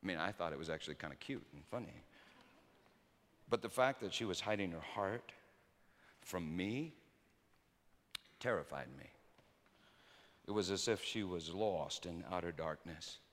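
A man preaching a sermon through personal stories, swinging between loud emphasis and hushed quiet. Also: low voice, animated, unhurried, pauses often. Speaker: pastor. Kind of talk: storytelling sermon. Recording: reverberant hall.

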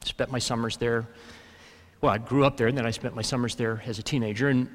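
A man's voice: medium pitch, fairly even intonation, a little fast, long reverb tail. A man preaching a sermon in an easy, conversational way, with bursts of emphasis. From Alabama, US South. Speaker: pastor.

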